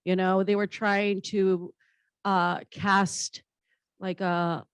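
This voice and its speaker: A woman's voice: medium pitch, flat delivery, extremely slow, clear, resonant tone, dry recording, rough recording. Blunt, humorous woman comedian, dry sound. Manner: blunt and humorous, swears casually. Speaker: comedian and actress on a panel. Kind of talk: candid conversational storytelling.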